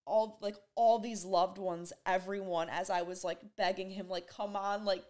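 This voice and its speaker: A woman's voice: mid-range voice, steady tone, moderate pace, darkish tone. Young woman telling an emotional story. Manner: rambling and emotional, heavy use of "like". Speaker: vlogger. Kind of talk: casual storytelling to camera.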